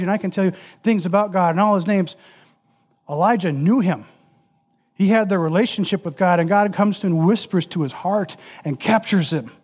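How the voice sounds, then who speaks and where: A man preaching a sermon who builds long repeated lists of phrases and drops into a soft, near-whispered voice for emphasis. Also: sits high.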